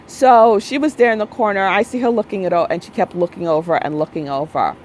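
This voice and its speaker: A woman's voice: medium pitch, brisk, a little mellow, slight background noise, poor audio. A woman in her thirties talking bluntly and emphatically in a casual monologue, repeating her points and often tagging on "okay?". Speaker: spiritual vlogger.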